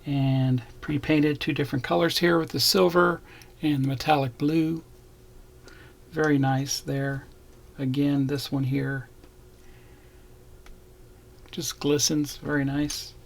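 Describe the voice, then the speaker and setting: Male kit reviewer, raspy low fry in the voice, plain and easygoing unboxing delivery. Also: little pitch movement. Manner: plain, unhurried, points out parts as he shows them. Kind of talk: casual unboxing narration.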